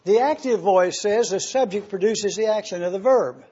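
A man preaching a sermon, teaching and emphatic, bursting into sudden excitement as he explains. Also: sits high, normal speed, breathy edge, dull audio.

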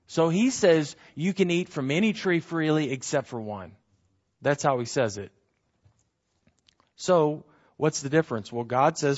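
A man giving a conversational Bible teaching, animated, asking rhetorical questions and acting out the quotes he reads. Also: a little high, measured pace, lo-fi sound.

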